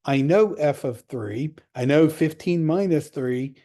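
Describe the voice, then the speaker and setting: A man's voice: on the high side, unhurried, mellow. A man teaching calculus in a casual, direct way, walking through the steps of an assignment. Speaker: math teacher.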